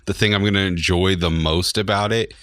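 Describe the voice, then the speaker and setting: Deep male podcast guest, easygoing rambler, dry sound. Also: steady tone, a little fast, fairly bright tone, clear, resonant tone, no echo. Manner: laid-back, rambling with fillers and chuckles. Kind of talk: casual podcast chat.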